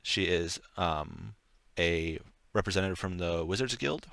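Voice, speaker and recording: A low-pitched man narrates as game master in a relaxed, rambling manner, pausing often with fillers. His voice is bright and forward. The sound is dry and close, with no room around it. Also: vocal fry, dry recording. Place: home setup on stream.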